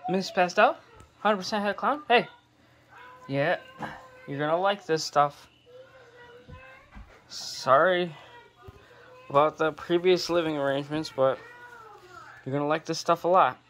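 A man's voice: a little high, a little slow, long pauses, a bit bright, a little hiss or hum. A man chatting casually and fondly to his pet snakes at home while cleaning their tubs, in a playful sing-song. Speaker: snake keeper vlogger.

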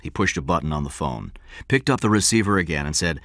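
Deep-voiced, expressive male narrator. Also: no echo, studio quality. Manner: measured, expressive storytelling. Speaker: audiobook narrator. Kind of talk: scripted narration.

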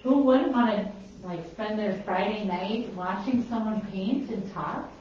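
A Minnesotan pet portrait artist chats casually while painting, talking from across a roomy studio. Her mid-range voice is a little slow and mellow as she rambles and laughs at herself. The recording sounds roomy, distant, and slightly dull, with slight background noise.

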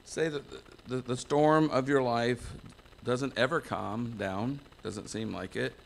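A man's voice: mid-range voice, measured pace, gravelly. A man from the United States preaching a folksy, self-mocking sermon to a church congregation, wandering into asides. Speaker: pastor.

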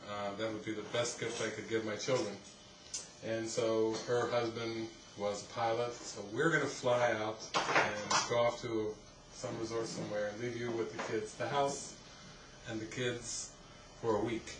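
A man, a spiritual teacher, telling a rambling, animated story in casual talk at a retreat, often laughing. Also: fairly low pitch, a little slow. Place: retreat hall. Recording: roomy, distant, noisy ambience.

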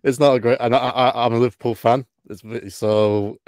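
A man's voice: medium pitch, fairly even intonation, normal speed, a little mellow, smooth, dry recording, studio quality. A man with an English accent, a guest chatting casually with laughs. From England. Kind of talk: casual chat.

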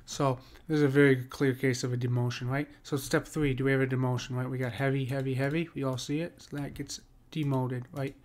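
A man gives a casual lesson on poetic meter, speaking conversationally in a medium pitch with little pitch movement. He often checks in with his listeners and slows down to read verse aloud.

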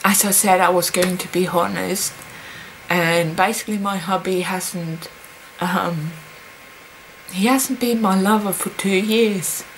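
A young woman speaking in a personal confessional vlog, hesitant and halting, with many pauses and fillers. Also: lowish voice, fairly even intonation, slight background noise, low-quality recording. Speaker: vlogger.

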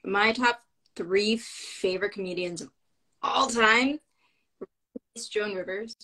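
Woman guest, mid-pitched, chatty, rambling, lots of fillers. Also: slow pace, sharp tone, rough recording. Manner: enthusiastic, rambling with fillers and restarts. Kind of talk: casual conversation.

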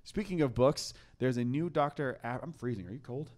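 Speaking fairly quickly in a mid-range voice with a darkish tone, a young podcast host chats casually. He's enthusiastic and rambling, often restarting his sentences.

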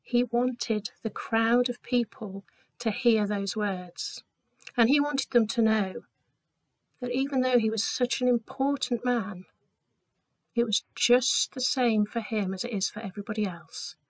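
A woman giving a gentle storytelling talk to children in a church, acting out the voices in her story. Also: mid-range voice, dry recording. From England. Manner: gentle, clear storyteller, acts out quoted voices.

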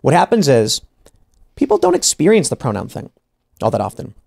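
In a podcast studio, a male host argues his point during opinionated panel talk, restarting his sentences often and acting out other people. His voice runs on the high side with huge pitch swings, a slightly fast pace, creakiness, and a little mellowness.

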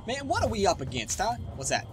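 A young man doing let's play commentary, sarcastic and excitable, swearing freely. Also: sits high, quick pace, background noise. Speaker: gaming YouTuber. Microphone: webcam setup. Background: game music and sounds.

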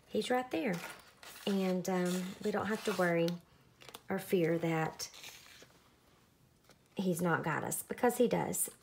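Chatty young woman, lowish voice. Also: slight background noise. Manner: chatty, relaxed, lots of fillers. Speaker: craft vlogger. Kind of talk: casual narrated craft tutorial.

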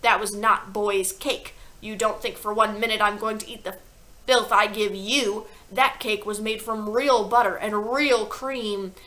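A woman voicing a tyrannical, bullying headmistress who barks slow, scornful insults. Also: mid-range voice, fairly even intonation, pushed and bright, poor audio. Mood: furious. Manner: barking, scornful, drawn-out insults.

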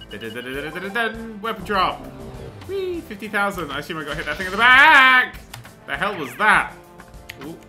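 Man, let's play commentary, rambling and sweary, bouncy lively pitch. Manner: excitable, rambling, swears often. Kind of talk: gameplay commentary.

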